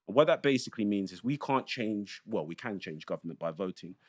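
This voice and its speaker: A man's voice: on the low side, expressive, a little fast, breathy edge. A man from London's East End, giving emphatic explanations in a panel discussion and building his points step by step. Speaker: panel guest, education commentator.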